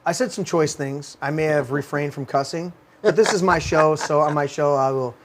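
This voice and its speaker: A man's voice: fairly high pitch, fairly even intonation, moderate pace, slight background noise. A man hosting a talk show, telling stories in a heated, profane rant. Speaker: podcast host. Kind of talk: casual ranting talk show.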